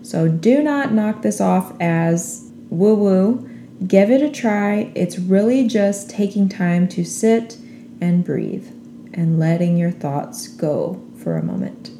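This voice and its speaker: A woman's voice: mid-range voice, lively intonation, slow pace, warm tone. A woman hosting a podcast, talking earnestly and encouragingly in a prepared monologue. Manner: earnest, encouraging, faith-minded. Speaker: podcast host. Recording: roomy echo with faint background noise.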